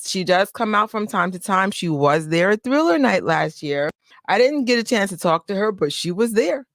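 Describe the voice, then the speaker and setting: A young adult woman chats her way through a casual fan live stream at home, talking into a desk mic. She's excitable, greets viewers by name and laughs easily, and the sound is close and dry. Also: medium pitch, normal speed, no echo. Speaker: fan channel host. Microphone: desk microphone.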